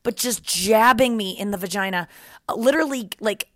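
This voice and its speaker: A woman in her thirties hosts a podcast and tells a long personal story, jumping up high whenever she acts out what someone said. Her voice sits at an ordinary middle pitch. It is recorded close and dry, with no room sound. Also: moderate pace, no echo. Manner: animated, acts out quoted voices. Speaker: podcast host. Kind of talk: casual storytelling.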